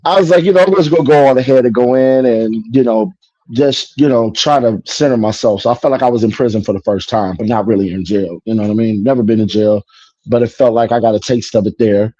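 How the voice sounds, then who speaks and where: A man's voice: medium pitch, fairly even intonation, fast talker, dark tone, no echo. A man from Chicago telling a personal story in a casual way, acting out the dialogue and saying "you know" a lot. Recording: slightly muffled dry recording.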